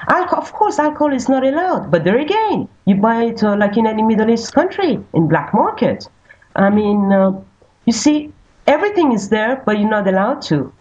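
A woman speaks earnestly, often pausing with fillers as she hunts for the right word. Her pitch swings widely up and down. The recording sounds dull and lo-fi. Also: very animated, darkish tone. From Iran. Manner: earnest, searches for words with many fillers. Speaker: guest. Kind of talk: casual conversation. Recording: dull lo-fi audio.

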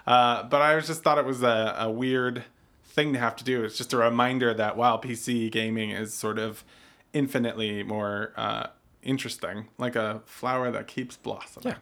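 A man's voice: medium pitch, steady tone, normal speed, a bit bright. A man co-hosting a podcast in casual chat, joking wryly and swearing freely. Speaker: podcast co-host.

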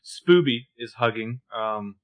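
A man co-hosting a podcast, recapping a TV episode in casual chat and acting out quoted lines. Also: medium pitch. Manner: animated retelling, quick quoted voices. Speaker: podcast co-host.

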